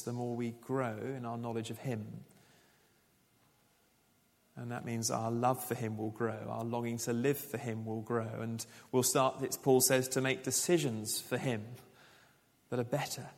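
A man's voice: medium pitch, in a large hall. A man preaching a sermon as pastor, conversational and full of rhetorical questions.

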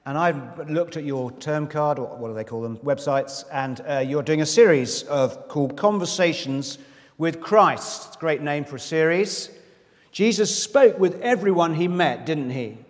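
A man's voice: on the high side, expressive, normal speed. A man preaching as a visiting minister, chatty and self-deprecating, with asides to the congregation. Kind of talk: sermon. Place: church in London. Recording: reverberant church hall.

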